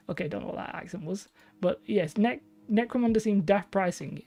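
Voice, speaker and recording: A woman chats her way through a live stream in a low, warm voice. She rambles and is self-deprecating as she answers viewers. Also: brisk, creaky, soft background music. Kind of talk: casual live-stream chat reading comments.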